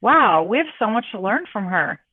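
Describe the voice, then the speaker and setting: A woman's voice: mid-range voice, very animated, moderate pace, husky, no room sound. A middle-aged woman co-hosting a casual chat, reflective and encouraging. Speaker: co-host. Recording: dry tinny phone-like call audio.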